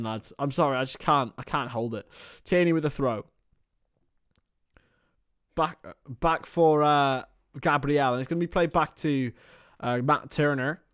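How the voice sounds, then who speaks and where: A man streaming live fan commentary on a football match, excitable and rambling, chatting with his viewers between calls of the play. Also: mid-range voice, smooth, no room sound, clean studio sound.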